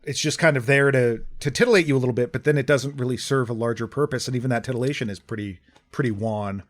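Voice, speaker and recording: A man with a mid-pitched voice co-hosting a film podcast. He speaks in a measured, wry way and often pauses on fillers while he thinks. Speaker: podcast co-host. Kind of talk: casual film review chat.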